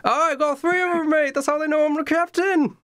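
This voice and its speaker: A man voicing a rowdy, loudmouthed male pirate captain in a tabletop game, brash and shouting. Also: very high-pitched, fairly even intonation, fairly quick, no room sound, clean studio sound, pitched above the performer's own voice. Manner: brash, shouting, says "oi, mate" a lot.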